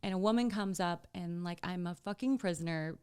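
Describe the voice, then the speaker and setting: A woman's voice: lowish voice, a little fast, a little mellow, smooth. A young woman guest in an interview, telling her own painful story bluntly and tearfully, swearing freely. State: tearful, emotional. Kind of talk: candid personal storytelling.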